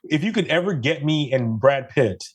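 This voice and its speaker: A Jamaican photographer guests on a podcast, chatting casually and animatedly and often tagging his statements with "right?". His voice is a little high and slightly rough, at a moderate pace.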